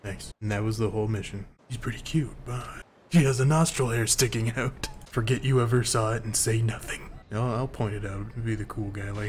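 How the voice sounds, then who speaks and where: A man's voice: lowish voice, brisk, slight background noise. A young man giving crude, joking commentary while playing a video game. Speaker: let's play commentator. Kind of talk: comedic gameplay commentary. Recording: game music behind voice. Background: game music.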